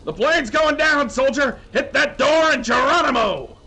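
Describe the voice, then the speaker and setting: A man voicing a gruff male military drill coach who barks orders at recruits. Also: very high voice, expressive, unhurried, sharp tone, faint music behind, pitched above the performer's own voice, heavily acted. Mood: barking.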